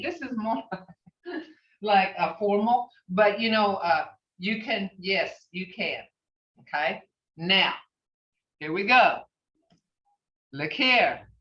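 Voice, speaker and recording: A woman teaching a language class over a video call, patiently saying phrases slowly and repeating them for her students. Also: mid-range voice, sharp tone. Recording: distant, roomy, dull video-call audio.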